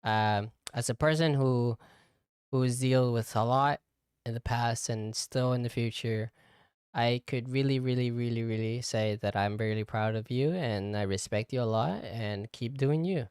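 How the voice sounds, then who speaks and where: Rambling young man, smooth voice. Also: medium pitch, unhurried, a little mellow, dry recording, studio quality. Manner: rambling, lots of fillers and likes. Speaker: VTuber podcast host. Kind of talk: casual solo podcast chat.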